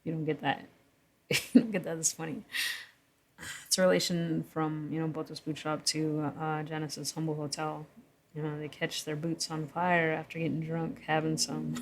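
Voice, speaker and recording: Woman vlogger with a deep voice, walking through her own story draft, rambling and self-correcting. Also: level tone, moderate pace, a little hiss or hum. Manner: rambling, self-correcting, chuckles between thoughts. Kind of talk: casual vlog commentary reading from her draft.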